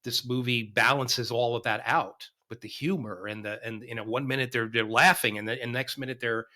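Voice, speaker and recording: A man's voice: mid-range voice, fairly even intonation, fairly quick, bright, forceful tone. A man on a film podcast, reflective and casual, trailing off with fillers.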